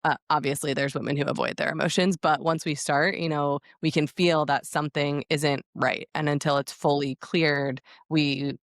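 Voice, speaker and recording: A woman's voice: low voice, fairly even intonation, normal speed, hardly any pauses, no echo, clean studio sound. Reflective woman co-hosting a podcast. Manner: thoughtful, reflective, with frequent fillers. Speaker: podcast co-host. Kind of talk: casual podcast conversation.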